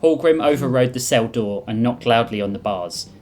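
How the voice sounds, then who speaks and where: A man's voice: mid-range voice, animated, moderate pace, a little mellow. A man on a podcast reading his own comic sci-fi story aloud, often chuckling at his own lines.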